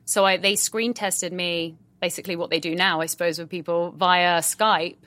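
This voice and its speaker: An English actress chatting lively and easily in a casual podcast interview, often laughing. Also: female voice, on the low side, moderate pace, no room sound. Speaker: actress guest.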